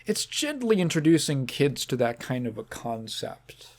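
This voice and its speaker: A man's voice: medium pitch, big pitch swings. Man, podcast host, casual monologue, choked up, stop-start sentences. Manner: halting, sentimental, restarts often; choked up, fighting back tears.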